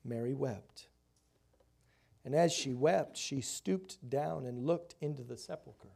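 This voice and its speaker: A man preaching a sermon, reading scripture aloud and expounding on it with rhetorical questions, his voice swelling loud for emphasis and dropping soft. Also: medium pitch, slow pace, creaky, slightly rough.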